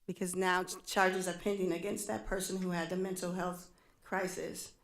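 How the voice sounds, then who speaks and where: A woman speaking in a low, gravelly voice, giving an earnest and conversational talk to a symposium audience. Her delivery stays flat and even. The sound carries the echo of a law school event room. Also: normal speed. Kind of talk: public talk. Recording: echoey room.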